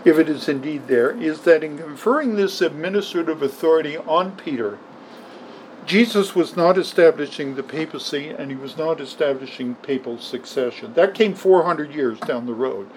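A man's voice: a little high, normal speed, slight background noise, poor audio. A man preaching a sermon in an emphatic way, often repeating words for stress. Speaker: pastor.

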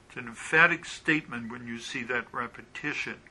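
A man teaching a Bible study verse by verse, reading passages aloud, often pausing with ums and asking rhetorical questions. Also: medium pitch, bright, forceful tone, slight background noise, low-quality recording. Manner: halting with frequent ums, asks rhetorical questions.

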